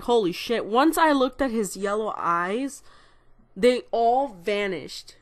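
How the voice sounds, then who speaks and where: A woman's voice: mid-range voice, a bit bright. A woman in her twenties rambling through a personal story to camera, swearing and correcting herself as she goes. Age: 20s. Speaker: vlogger. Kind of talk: casual storytelling.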